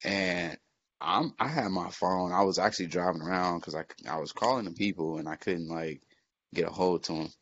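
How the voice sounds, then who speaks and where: A man with a very deep, gravelly voice tells a story in loose podcast chat. He swears and restarts often, and the recording sounds a little muffled. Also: moderate pace, a little hiss or hum. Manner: animated, profane, many fillers and restarts.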